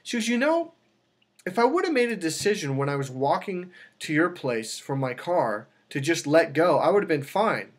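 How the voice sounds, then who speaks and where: Man, husky voice, lively swings in pitch, casual storytelling, acts out quotes. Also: normal speed, hardly any pauses. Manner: animated, acts out quotes with sudden high exclamations. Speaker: dating coach.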